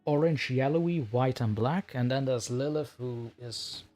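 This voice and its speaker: A man's voice: mid-range voice, unhurried, over music. A man hosting a casual livestream, talking with a rambling, chatty manner and laughing often. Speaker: livestream host and story narrator.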